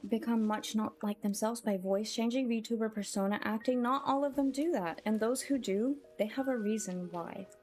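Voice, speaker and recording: A woman's voice: fairly high pitch, normal speed, few pauses, darkish tone, soft background music. A woman streamer chatting casually with her chat while gaming, musing and talking straight to them.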